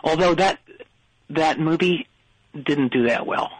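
A man's voice: on the high side, slow, breathy edge, no echo, rough recording. A man playing a goofy, boastful wannabe songwriter who calls into a comedy radio show, stammering and easily offended. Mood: chatty. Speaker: caller. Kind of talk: comedy call-in bit.

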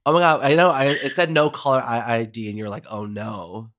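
A drag performer hosting a podcast, chatting casually and gushing over a listener's voicemail and phone call, with lots of fillers and restarts. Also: female voice, rumbling low, animated, fast. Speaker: podcast host. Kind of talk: casual chat reacting to voicemails.

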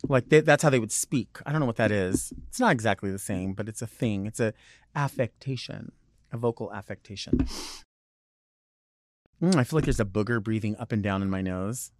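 A man's voice: lowish voice, brisk, dry recording. A man hosting a podcast alone, chatting in a rambling, digressive way full of fillers. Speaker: podcast host. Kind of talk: casual solo monologue.

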